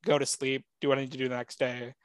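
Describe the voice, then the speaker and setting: A man's voice: mid-range voice, level tone, quick pace, clear, resonant tone, no room sound. A man co-hosting a casual pop-culture podcast, rambling through his points with lots of filler words and plenty of fan enthusiasm. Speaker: podcast co-host.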